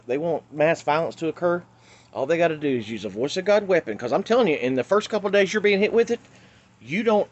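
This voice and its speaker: A man delivering an urgent, pleading monologue that swings between loud outbursts and hushed warnings. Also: mid-range voice, highs cut off. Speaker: vlogger. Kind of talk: impassioned monologue.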